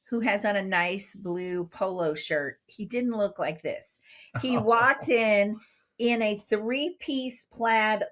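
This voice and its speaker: A woman's voice: medium pitch, fairly bright tone. A woman in her fifties telling a playful story as a guest in an interview. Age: 50s. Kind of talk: animated storytelling.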